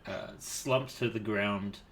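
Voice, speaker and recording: A man running a tabletop game as dungeon master. He narrates slowly and haltingly, with lots of fillers between phrases. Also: on the low side, fairly even intonation, fairly bright tone. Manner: slow, hesitant narration with many fillers.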